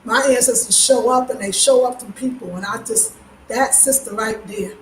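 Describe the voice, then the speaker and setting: A woman's voice: fairly high pitch, steady tone, moderate pace, reverberant, a little hiss or hum, poor audio. A woman vlogger talking casually to her viewers in an emphatic, preachy way, addressing them as y'all from a room indoors.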